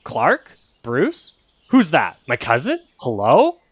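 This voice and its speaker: A man's voice: mid-range voice, huge pitch swings, husky, no room sound, heavily acted. A man doing a giant beast parroting voices. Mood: eerie mimicry. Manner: halting, questioning mimicry. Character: huge tiger-mantis beast parroting human voices.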